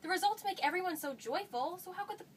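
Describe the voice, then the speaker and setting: A woman's voice: extremely high pitch, lively intonation, fast. An actress playing an eager, insistent fourteen-year-old girl who presses her mother for answers, recorded from a distance. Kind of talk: stage play acting. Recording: distant mic with faint noise.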